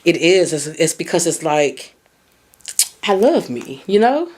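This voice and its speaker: A woman's voice: low-pitched, sing-song, measured pace, darkish tone. Woman hosting her own podcast, chatty and real, cusses a bit, laughs at herself, asks you a bunch of questions. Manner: candid and conversational, swears freely, laughs at herself; asks the listener strings of reflective questions. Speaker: podcast host. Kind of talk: casual solo podcast talk on self-growth.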